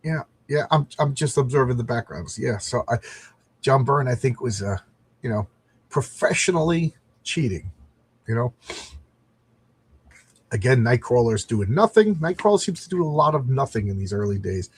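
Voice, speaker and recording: A man's voice: medium pitch, animated, moderate pace, long pauses, slightly rough. A middle-aged man chatting casually as he reviews a comic book, rambling and reading panels aloud.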